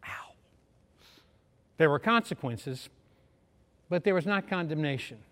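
A man's voice: fairly high pitch, lively intonation, moderate pace, a bit bright. A middle-aged man preaching, telling a story with humor and acting out the voices of the people in it. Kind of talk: sermon storytelling. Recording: long hall reverb.

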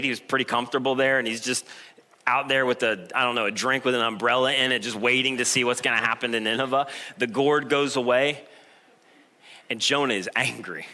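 Bright-voiced pastor preaching with humor. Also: male voice, medium pitch. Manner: humorous, animated storytelling with chuckles. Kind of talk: conversational sermon.

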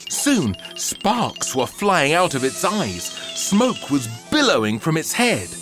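A male storyteller reads a children's story at an unhurried pace, his pitch rising and falling dramatically. His delivery is theatrical and expressive, with faint music playing underneath. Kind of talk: storybook narration.

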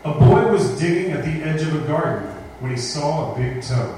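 A man's voice: on the high side, animated, moderate pace, darkish tone. A man hosting a spoken word event, reading a scary story aloud and groaning the monster's lines. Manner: dramatic groaning voices for the monster. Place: live event space. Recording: echoey room from far off with noise.

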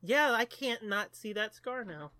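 A man co-hosting a casual movie commentary, playful and jokey, quick to tease his co-host. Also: high voice, expressive, pushed and bright, dry recording. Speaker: podcast co-host.

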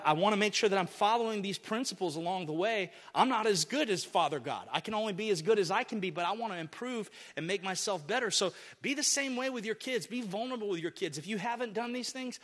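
A man with a high, lifted voice preaches to a congregation, earnest and personal, rising now and then into emphatic declarations. His words ring out with a long reverberant tail from a large church hall. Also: fairly bright tone. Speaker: pastor. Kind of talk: sermon.

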